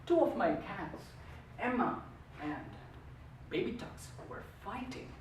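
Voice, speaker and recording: A man's voice: high-pitched, expressive, slow. Guy doing a funny tall tale speech at a contest, sounds far away in a roomy hall, bit of hiss. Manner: playful, theatrical delivery with varied emphasis. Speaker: contest speaker. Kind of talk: humorous storytelling speech.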